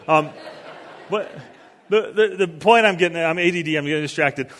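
A man's voice: fairly high pitch, moderate pace, fairly bright tone, a little hiss or hum. A man giving a casual, conversational sermon as a pastor, rambling and acting out little scenes. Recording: long hall reverb.

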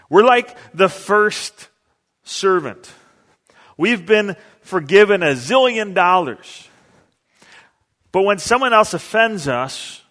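Male pastor, earnest conversational sermon delivery, slightly high voice, long reverb of a hall. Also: pushed and bright. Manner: earnest, conversational preaching with restarts.

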